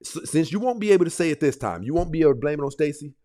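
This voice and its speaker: A man's voice: a little high, lively intonation, very fast, dark tone. A man hosting a heated live-stream debate, mocking the guests and laughing often. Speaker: host.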